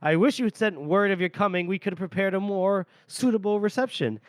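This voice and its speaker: A man putting on a loud, drunk army general who barks commands in a high, strained voice, pushed up well above his normal pitch. He keeps it pompous and blustering, yelling at troops that don't listen. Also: brisk, no echo, clean studio sound, natural voice. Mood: mock polite. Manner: shouted commands. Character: blustering drunk military general barking orders.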